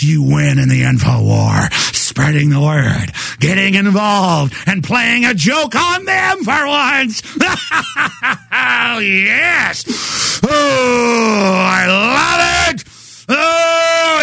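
A man hosting a talk show, delivering a fiery on-air rant, shouting, worked up and breaking into manic laughter. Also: fairly high pitch, creaky, husky, dry recording.

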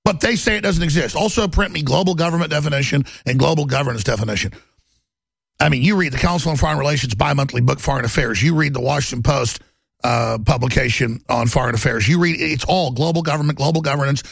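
A man's voice: on the high side, fast, vocal fry, fairly bright tone, husky, dry recording. A man hosting a talk show, delivering an intense, heated, rambling monologue.

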